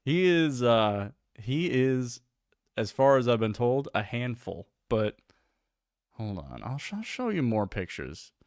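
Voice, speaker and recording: A man's voice: medium pitch, very animated, takes it slowly, darkish tone, dry recording, clean studio sound. A young man hosting a livestream, chatting casually in a rambling, self-deprecating way with lots of filler words. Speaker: livestream host. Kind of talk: casual chat.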